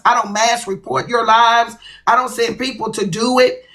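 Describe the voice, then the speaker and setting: A woman's voice: fairly high pitch, pushed and bright. A woman hosting a livestream, talking bluntly and profanely to her viewers in a confrontational rant. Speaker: livestream host.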